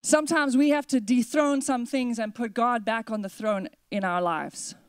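Emphatic woman pastor preaching, higher voice. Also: clean tone, no echo, studio quality. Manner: emphatic preaching with repeated declarations, slowing for weight. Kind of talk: sermon. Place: church.

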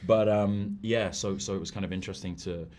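A man's voice: fairly low pitch, fairly even intonation, brisk, a little mellow, slight background noise. A young man, an actor, answering interview questions thoughtfully with many fillers and hedges. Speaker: actor guest.

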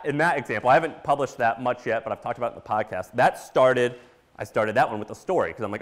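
A man from Missouri giving a casual conference talk, animated and full of fillers, acting out his own reactions as he tells stories. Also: mid-range voice, quick pace. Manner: animated, storytelling with quoted reactions and filler words. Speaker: conference speaker.

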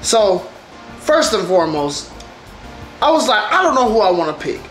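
A woman streamer giving casual, animated commentary over gameplay, talking straight to her viewers. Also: mid-range voice, moderate pace. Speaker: gaming streamer. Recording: roomy echo with faint background music.

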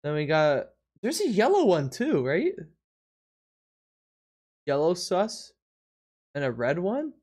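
A husky, slightly mellow, middle-pitched voice with huge pitch swings belongs to a casual streamer talking directly to chat through a desk mic while playing a drawing game. The talk arrives in quick, stumbling bursts full of repeated words and frequent laughter.

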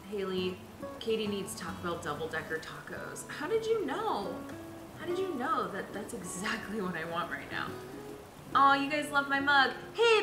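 A young woman streaming a video game, chatting casually and giggling while she reads out viewer comments. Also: medium pitch. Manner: bubbly, giggly, chatty with many fillers. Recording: roomy echo with background music.

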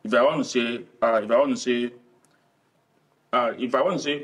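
A man with a Nigerian accent explaining his language in a measured way, pausing often on "uh". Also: mid-range voice, recorded from a distance. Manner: measured, with frequent "uh" pauses. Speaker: college community member.

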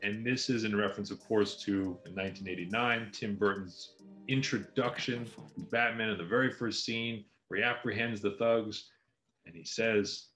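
A man's voice: on the low side, fairly even intonation, moderate pace, fairly bright tone. Enthusiastic male co-host in an echoey room. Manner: enthusiastic, long explanations. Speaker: co-host of a film podcast. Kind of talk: casual review chat.

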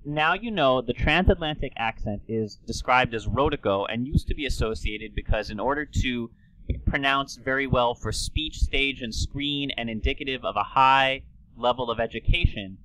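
A man's voice: mid-range voice, normal speed, sharp tone, no room sound, rough recording. A man hosting a podcast, explaining things in an enthusiastic, lecturing way. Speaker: podcast host.

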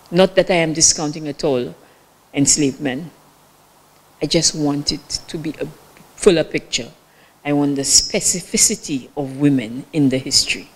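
Earnest woman lecturer, gravelly. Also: deep voice. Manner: earnest, repeats points for emphasis. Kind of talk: lecture Q&A answer. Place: lecture hall. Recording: long hall reverb.

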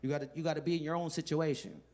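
Male stand-up comic, animated and profane, handheld mic on stage. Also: fairly high pitch, racing. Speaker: comedian. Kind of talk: stand-up comedy. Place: live comedy stage.

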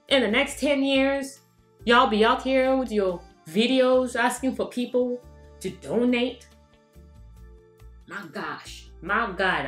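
A woman's voice: mid-range voice, fairly bright tone, roomy sound. A South African woman vlogging in casual commentary, mocking and laughing often as she switches between English and local languages.

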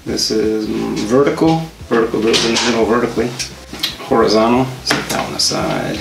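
A man's voice: mid-range voice, steady tone, brisk, very noisy. A man co-hosting a crafting video, talking playfully with goofy jokes and asides. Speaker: co-host of a crafting channel. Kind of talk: casual crafting chat. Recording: echoey room with music behind.

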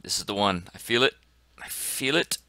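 A man commenting excitedly on his gameplay as a gaming channel host, dropping to whispers and bursting into shouts. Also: on the low side, normal speed, no room sound. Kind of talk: let's play commentary.

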